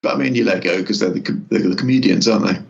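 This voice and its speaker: A man's voice: fairly low pitch, racing, creaky, highs cut off. A man from Newport with a South Welsh accent, a guest in a casual podcast chat. He teases wryly, swears, and slips between an English and a Welsh lilt. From Wales. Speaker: guest musician.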